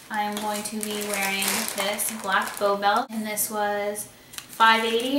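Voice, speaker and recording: A young woman talks slowly and chattily, clearly delighted with each piece she holds up. Her voice comes from a little way off the mic in an echoey room, with a faint hiss underneath. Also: mid-range voice. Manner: chatty, enthusiastic, thinking aloud while showing items. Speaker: beauty vlogger. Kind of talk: casual haul video. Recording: roomy echo, somewhat far from mic, faint hiss.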